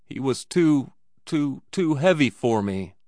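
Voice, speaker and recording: A man's voice: medium pitch, animated, slow, mellow, dry recording, studio quality, voice pushed up. A man voicing a young fighter who has been beaten and answers weakly through shame. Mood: weak, defeated. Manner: weak, broken.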